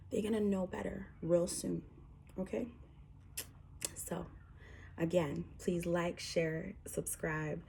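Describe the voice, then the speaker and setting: A woman's voice: fairly low pitch, steady tone, takes it slowly, creaky, long pauses, a little mellow, a little hiss or hum. A woman delivering a spiritual message to her viewers, reassuring and emphatic, sometimes dropping to a whisper. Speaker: spiritual reader.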